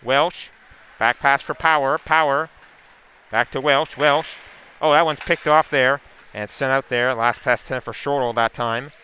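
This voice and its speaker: Bright-voiced hockey play-by-play man. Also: medium pitch, measured pace, a little hiss or hum. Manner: steady running call with asides and sponsor plugs. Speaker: play-by-play commentator. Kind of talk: live hockey play-by-play commentary.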